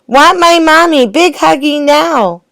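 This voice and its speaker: A woman's voice: slow, fairly bright tone, no room sound, studio quality, exaggerated voice. Woman doing a wailing baby elephant. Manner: high screaming, whiny. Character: wailing toddler elephant, clingy and demanding.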